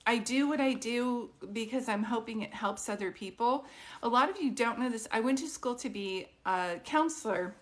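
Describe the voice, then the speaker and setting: A woman hosting a casual livestream at home as a psychic medium, chatting and reading viewer comments aloud to greet people by name. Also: medium pitch. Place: at home with her dog. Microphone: phone livestream.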